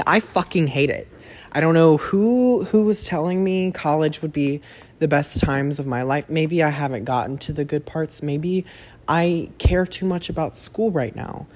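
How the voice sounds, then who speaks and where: A young man rambling through a casual solo monologue as a podcast host, chatty and self-correcting, swearing freely. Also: a little high. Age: young adult.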